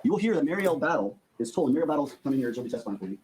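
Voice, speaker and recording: Speaking at medium pitch, very animated yet a little mellow, a man opens for the prosecution by setting out evidence before the jury and quickly voicing the quoted exchanges. The recording is poor, with a bit of background noise.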